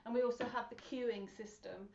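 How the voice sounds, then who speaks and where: A woman with an English accent gives a casual pronunciation lesson to camera, hesitant and a little self-conscious, with many pauses. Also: fairly high pitch, fairly even intonation, creaky, a little mellow, slight background noise. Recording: roomy, distant, dull sound.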